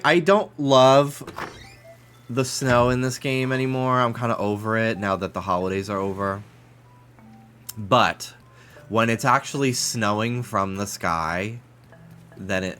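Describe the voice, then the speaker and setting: A man with a very low, stuffy-nosed voice rambles casually while streaming a game, cursing now and then. Soft game music plays faintly behind him. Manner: rambling, chatty, swears freely. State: stuffy nose.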